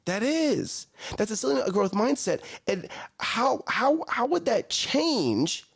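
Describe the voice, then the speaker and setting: A man in his thirties co-hosting a morning talk show, speaking casually in an animated, coaching way and often repeating his words. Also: extremely high pitch, slow pace, gravelly, slightly rough. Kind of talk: casual chat.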